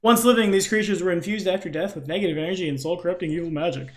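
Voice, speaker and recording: A man playing a tabletop role-playing game, chatty and excitable, who reads rules aloud quickly. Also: high voice. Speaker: player. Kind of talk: tabletop game play over voice chat.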